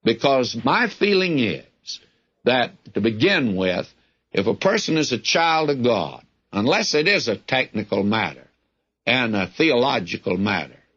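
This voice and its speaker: A man's voice: mid-range voice, sing-song, unhurried, fairly bright tone, breathy edge. A man teaching the Bible verse by verse on the radio in a plain-spoken, folksy way with wry asides. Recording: dull lo-fi radio broadcast recording.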